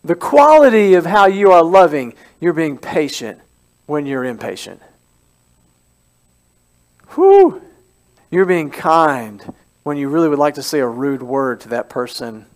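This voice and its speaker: Man, pastor, high-pitched, conversational sermon, repeats key phrases, quizzes the congregation. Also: expressive, moderate pace. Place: church service.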